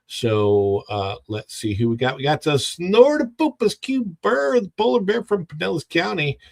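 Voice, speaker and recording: Male livestream host, higher-pitched voice, casual and rambling, greets chatters by name. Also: big pitch swings, moderate pace, creaky, dry recording. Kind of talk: casual live chat. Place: home.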